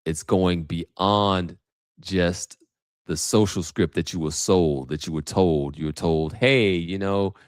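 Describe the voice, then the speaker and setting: A man's voice: sits low, fairly even intonation, slow, a little mellow, no echo, clean studio sound. A man hosting a livestream, talking casually and thinking aloud with many restarts. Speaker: host. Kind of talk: livestream commentary.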